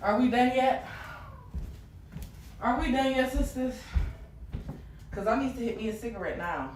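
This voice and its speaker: A woman's voice: a little high, unhurried, roomy sound, slight background noise. A woman hosting a livestream, venting in a blunt, heated, profane way. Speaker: livestream host.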